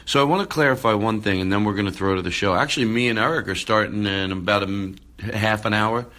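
Excitable male podcast host, bright voice, rambling restarts, phone recording. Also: fairly low pitch, fast, hardly any pauses. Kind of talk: casual podcast talk. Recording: phone recording, far from the mic.

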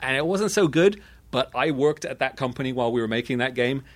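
A man's voice: mid-range voice, expressive, brisk. A British man talking as a guest in a casual conversation, rambling with frequent restarts and self-deprecating humor. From Britain.

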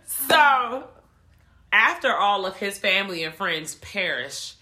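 A woman co-hosting a podcast, retelling a movie in animated, profane casual chat full of slang. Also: medium pitch, slow. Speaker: podcast co-host reviewing a film.

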